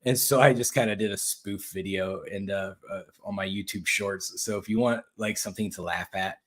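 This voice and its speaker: A man's voice: fairly low pitch, steady tone, moderate pace, a bit bright. A middle-aged man hosting his own podcast, talking bluntly and ramblingly in casual political commentary, swearing freely. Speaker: podcast host.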